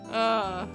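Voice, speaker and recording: A woman streaming a game, chatting casually with rambling, giggly asides. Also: fairly high pitch.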